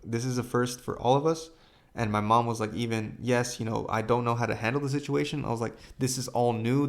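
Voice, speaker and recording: A young man hosting a podcast, retelling a painful family story in a halting way, full of fillers and quoted dialogue. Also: medium pitch, gravelly. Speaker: podcast host. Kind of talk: personal storytelling.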